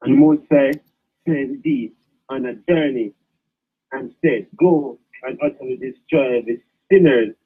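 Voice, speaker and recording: A man calling in who reads scripture aloud, halting and careful, over a tinny phone line. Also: medium pitch, husky. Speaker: caller reading scripture.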